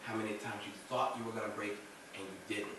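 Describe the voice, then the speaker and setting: Earnest guy at a church group talk, bright voice, really echoey room, kinda far from the mic. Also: on the low side, level tone, fast, slight background noise. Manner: earnest, emphatic, repeats phrases. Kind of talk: group discussion.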